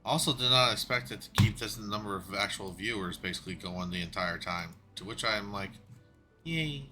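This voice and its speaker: A man's voice: lowish voice, fairly even intonation, fairly quick, pushed and bright, faint music behind. A man streaming a game, chatting casually to viewers, flustered and swearing freely as he talks to himself. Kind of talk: casual gaming livestream chat.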